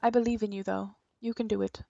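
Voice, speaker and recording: A woman's voice: medium pitch, flat delivery, fast, creaky, mellow, dry recording, muffled recording. Woman giving wry gameplay commentary. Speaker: streamer.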